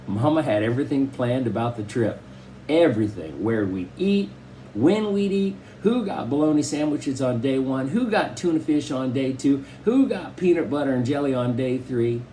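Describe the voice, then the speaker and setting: A man reads a children's novel aloud as an audiobook narrator, telling the story expressively with a shifting pitch. His pace is normal, and there's a little hiss or hum in the background of this scripted narration.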